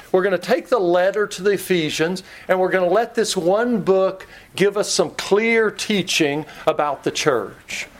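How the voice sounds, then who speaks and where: Conversational Kentucky preacher man, higher voice. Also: unhurried. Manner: conversational, self-teasing, acts out little scenes. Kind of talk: sermon.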